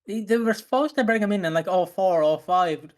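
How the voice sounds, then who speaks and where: A co-host on a wrestling podcast tells stories in loose casual chat. The voice sits at a middle pitch and stumbles over restarts between laughs. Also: brisk, a little mellow. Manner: rambling, laughing, with repeated restarts.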